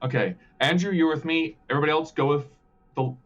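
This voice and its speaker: A man playing a tabletop game, giving low, firm commands as his character. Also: quick pace, dull audio. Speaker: player.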